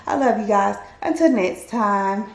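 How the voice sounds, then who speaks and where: A woman's voice: medium pitch, measured pace. A woman vlogging to her viewers in a chatty, candid way, talking to them directly as y'all. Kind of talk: casual talking-to-camera vlog. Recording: roomy echo.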